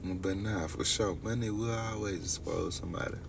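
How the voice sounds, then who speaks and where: Man, young adult, gravelly, loose storyteller, livestream chat, distant phone mic, faint hum. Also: low-pitched, moderate pace. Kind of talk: late-night livestream chat with viewers.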